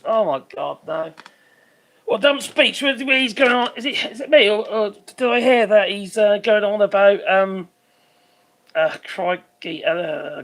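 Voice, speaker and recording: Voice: mid-range voice, a bit bright. A live stream host giving rambling commentary, swearing freely and trailing off while hunting for names.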